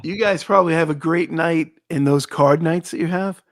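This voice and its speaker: Higher-voiced guy, co-host, teasing and asking stuff, dry sound. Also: moderate pace, no echo. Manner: teasing, asks questions. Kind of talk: casual chat.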